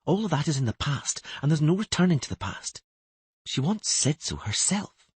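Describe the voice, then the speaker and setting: A man doing a quiet, reluctant young girl. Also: fairly high pitch, big pitch swings, moderate pace, slightly rough, no echo, voice pushed up, heavily acted. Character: young girl princess, withdrawn and sad.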